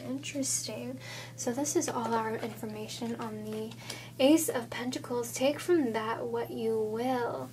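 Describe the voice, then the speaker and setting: A woman's voice: a little high, steady tone, a little slow, darkish tone, a little hiss or hum. A woman giving a casual tarot reading, thinking aloud in a chatty, goofy manner. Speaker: tarot reader.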